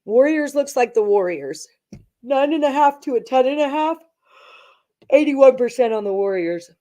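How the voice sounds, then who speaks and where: On a casual betting livestream, the host is a woman whose high voice has lively intonation and a warm tone at a moderate pace. She reels off odds and percentages while talking with the audience about picks.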